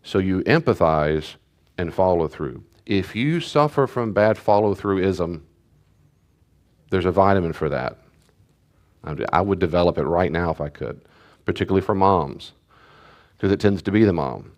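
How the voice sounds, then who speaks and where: A man's voice: sits low, lively intonation, moderate pace, pauses often, a little mellow. A middle-aged man, a pastor, teaching parents in a conversational way, repeating key phrases and acting out parent and child voices. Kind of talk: teaching talk to a church group.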